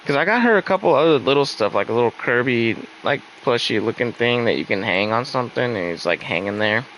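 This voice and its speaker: A man's voice: medium pitch, lively intonation, fast, fairly bright tone, slight background noise, poor audio. A young man venting casually in a rambling, upset way, with lots of fillers and swearing. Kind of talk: casual venting while gaming.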